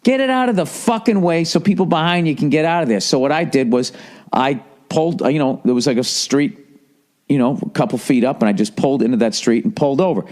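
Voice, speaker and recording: A man's voice: fairly high pitch, a little fast, darkish tone. A male comedian and podcast host telling a story in a casual monologue, profane, ranting and incredulous.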